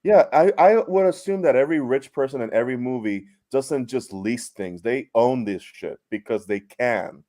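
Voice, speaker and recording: A man's voice: medium pitch, moderate pace, few pauses, dark tone. A man on a podcast panel in casual chat, giving blunt opinions and swearing casually.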